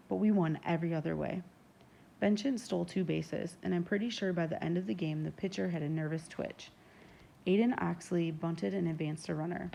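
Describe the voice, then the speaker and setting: A woman reading a first-person novel aloud in steady, even narration. Her voice is low with a gravelly edge. The tone is dark and mellow. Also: a little hiss or hum. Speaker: audiobook narrator.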